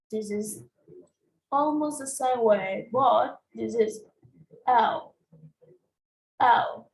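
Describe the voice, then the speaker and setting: A woman's voice: a little high, drawn-out words, pauses often, darkish tone. A woman teaching English vowel sounds, naming each symbol and repeating every example word. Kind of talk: slow, deliberate pronunciation lesson. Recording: echoey room, voice off-mic.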